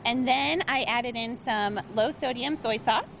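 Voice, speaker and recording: A woman's voice: fairly high pitch, unhurried, creaky. A woman giving a cheerful, chatty cooking demo on live TV inside a grocery store. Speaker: cooking demonstrator. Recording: muffled audio with background noise.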